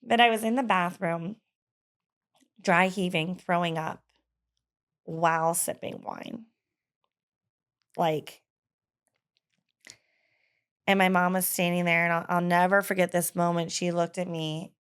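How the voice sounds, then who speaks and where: A woman's voice: mid-range voice, unhurried, long pauses, a bit bright, smooth. A woman in her thirties telling her personal story in an interview, candid and hesitant, with frequent fillers and laughs. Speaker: guest.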